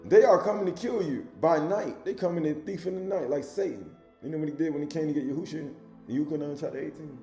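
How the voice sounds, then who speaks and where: A man preaching a sermon, reading scripture loudly and dropping to low asides, with casual rhetorical questions to his listeners. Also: expressive, fast talker, echoey room, soft background music. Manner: swings between loud emphatic reading and low murmured asides.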